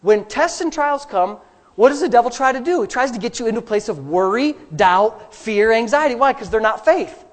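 A man preaching a sermon, telling stories quietly and then building to loud, fervent preaching. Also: extremely high pitch, lively intonation, moderate pace. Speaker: pastor.

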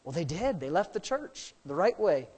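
A man preaching a sermon as a pastor, animated and sarcastic, swinging between loud, high bursts and quiet asides. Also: moderate pace, breathy edge.

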